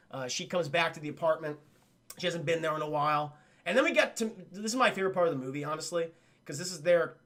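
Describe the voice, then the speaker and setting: A young man casually recapping a film for his livestream chat, swearing freely and acting out the scenes in quick voices. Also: on the high side, pushed and bright. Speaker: streamer reviewing a film.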